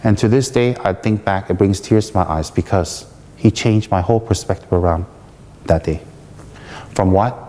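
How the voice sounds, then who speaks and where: A man from the United States giving a Buddhist teaching as a lively story, laughing often and acting out what people said. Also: deep voice, normal speed, long reverb tail. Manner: animated, laughs often, acts out quoted speech. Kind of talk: storytelling dharma talk.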